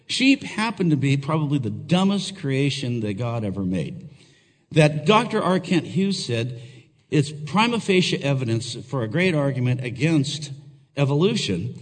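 A male pastor delivering a sermon in a church, earnest and emphatic, leaning on rhetorical questions. His voice sits at an everyday middle pitch. It carries a long reverb, as in a large hall.

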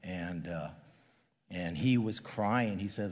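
An older man preaching a sermon, halting and restarting his words, often dropping to a hushed, soft tone. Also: deep voice, long reverb tail. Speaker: pastor.

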